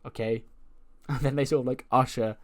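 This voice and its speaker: A man's voice: mid-range voice, steady tone, normal speed. A man narrating a wrestling management game in a chatty way, laughing often as he goes. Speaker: gaming video host.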